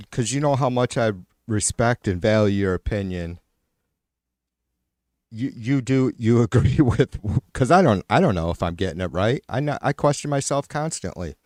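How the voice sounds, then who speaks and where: A man's voice: mid-range voice, a little mellow, no room sound, clean studio sound. A man hosting a live stream, ranting casually and profanely with sarcastic exasperation, often trailing off and restarting.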